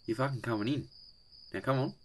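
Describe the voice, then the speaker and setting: A man voicing a crude, rough-edged Australian bloke with an Australian accent who swears constantly. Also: medium pitch, quick pace, a little hiss or hum, natural voice.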